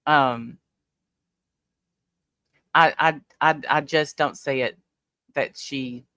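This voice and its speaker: A woman's voice: low-pitched, steady tone, extremely slow, pushed and bright, no room sound. A woman hosting a casual livestream, chatting bluntly and talking back to her viewers' comments. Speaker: livestream host. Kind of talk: casual live chat reading comments.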